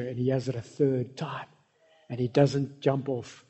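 Male preacher, warm husky voice with a fairly high pitch, storytelling sermon. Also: flat delivery, a little slow. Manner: storytelling, addresses the congregation directly.

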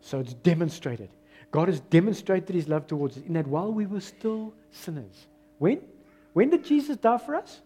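High-voiced South African preacher. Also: male voice, moderate pace, slightly rough. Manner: switches into Afrikaans, lively preaching with loud rises and quiet drops. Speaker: pastor. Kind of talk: sermon.

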